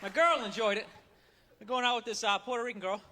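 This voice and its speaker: Ranting stand-up comic, very high voice, crowd laughing. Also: male voice, fast talker, long reverb tail, very noisy. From United States. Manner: ranting, loud and mocking. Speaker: stand-up comedian. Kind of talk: stand-up comedy set. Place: comedy stage before a live audience. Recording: live club recording with crowd laughter. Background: audience laughter.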